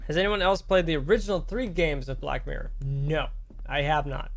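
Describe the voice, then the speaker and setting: A man's voice: fairly high pitch, steady tone, moderate pace, vocal fry. A man streaming a game live, joking and thanking viewers.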